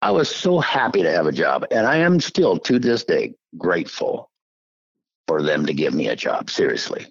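Deep, husky, lively-voiced man. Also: normal speed, dry recording, highs cut off. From Iowa, USA. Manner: animated, folksy, acts out quoted voices. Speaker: interview guest. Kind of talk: casual storytelling.

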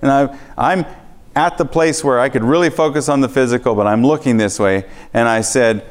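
A man preaching a sermon, telling a personal testimony in a lively storytelling way and acting out his own reactions. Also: mid-range voice, normal speed.

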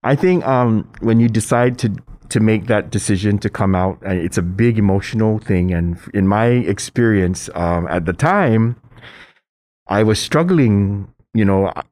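A middle-aged man telling a personal story in casual chat, hesitant with restarts, then animated as he acts out voices. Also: a little slow. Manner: animated storyteller, acts out quoted voices with high pitch jumps; hesitant, many restarts and fillers.

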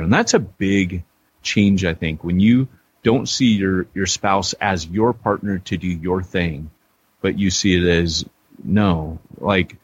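A man's voice: low voice, dull audio, slight background noise. A man co-hosting a podcast, talking casually and earnestly with his guest. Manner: earnest, then joking and laughing. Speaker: podcast co-host.

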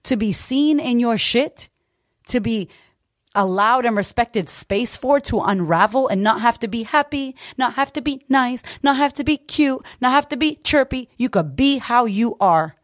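A woman's voice: fairly high pitch, expressive, measured pace, dry recording, clean studio sound. Fervent, swearing woman podcast host. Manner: emphatic, profane, repetitive. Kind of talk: motivational monologue.

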